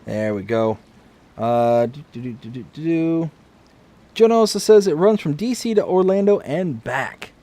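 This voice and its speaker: Playing a farming game on a live stream, a forty-something man from Michigan rambles casually, his pitch leaping whenever excitement hits. His pace is moderate.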